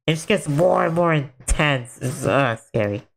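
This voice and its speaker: A man's voice: fairly high pitch, lively intonation, measured pace, gravelly. A man streaming a game, chatting casually in a rambling way full of filler words. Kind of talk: casual chat while gaming.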